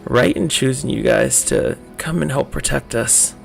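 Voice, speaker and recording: A man's voice: mid-range voice, measured pace, gravelly, soft background music, pitched above the performer's own voice. A man voicing a grateful male elemental guardian spirit who gushes over the heroes and gives grand, solemn speeches.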